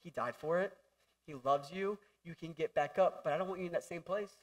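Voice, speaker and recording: Animated high-voiced male pastor. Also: fairly quick, recorded from a distance. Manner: animated, jokey, acts out voices and shouts for emphasis. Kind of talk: sermon. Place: church hall.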